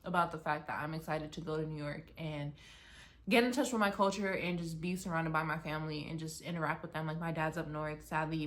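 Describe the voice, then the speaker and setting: A woman talking casually in a rambling vlog, animated and expressive, slipping into patois-tinged phrasing. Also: sits low, fairly quick. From Texas, United States. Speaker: vlogger.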